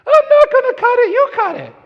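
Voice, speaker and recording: A man voicing his exasperated wife who refuses to cut their son's hair, her voice pitched high and insistent. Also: lively intonation, brisk. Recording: dull audio in a reverberant hall.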